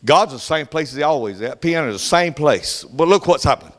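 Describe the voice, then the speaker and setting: An older man preaching a sermon as pastor, swinging from loud, fervent delivery to soft whispers. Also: on the high side, animated, fairly quick, in a large hall.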